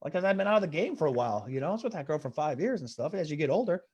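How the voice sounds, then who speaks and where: A man's voice: a little high, sing-song, racing, a little mellow, husky, muffled recording. Rambling male comic on a video call. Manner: rambling storytelling, repeats "I swear to God". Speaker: stand-up comedian. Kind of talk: stand-up set over a video call.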